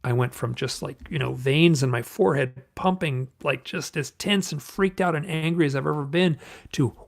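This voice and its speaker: A man telling a personal story in an interview, halting and restarting often, acting out the voices of the people he quotes. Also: on the high side, creaky. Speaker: guest.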